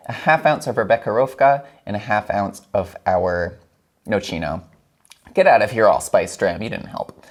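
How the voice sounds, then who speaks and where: A man hosting a home cocktail show, chatting playfully as he mixes and tastes drinks and laughing often. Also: fairly low pitch. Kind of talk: casual cocktail demo.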